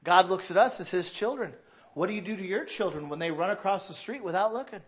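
A man in his thirties delivers a lively sermon, telling stories and acting out parents' shouts. His voice sits high for a man. The recording sounds a little dull and muffled. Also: fast talker. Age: 30s. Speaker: pastor.

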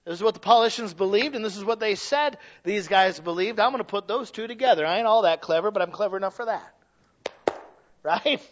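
Male preacher, high bright voice, animated folksy sermon delivery, dull lo-fi recording. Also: brisk. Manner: animated, rises to shouting, folksy asides. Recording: dull lo-fi sound.

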